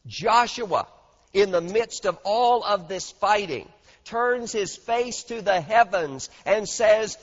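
High-voiced preacher in an echoing hall. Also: male voice, animated, takes it slowly. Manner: dramatic, emphatic, swells in volume on key points. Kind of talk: sermon. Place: large church hall. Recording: dull lo-fi recording in a reverberant hall.

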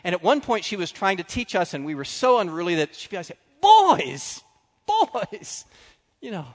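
A man delivers a sermon in a big sanctuary, his voice trailing off in a long hall echo. He sits a bit high for a man and tells stories with lively shifts, rising to emphatic points and dropping to hushed, confessional tones. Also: fast. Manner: animated storytelling, drops to quiet confessional tones. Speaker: preacher. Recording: long reverb of a large hall.

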